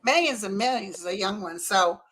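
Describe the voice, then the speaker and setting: A woman guest with a bright, sharp-edged voice, chatting casually. She talks plainly and keeps her interjections short and quick. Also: medium pitch, animated, slightly rough. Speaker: guest, psychic tarot reader. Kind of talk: casual chat.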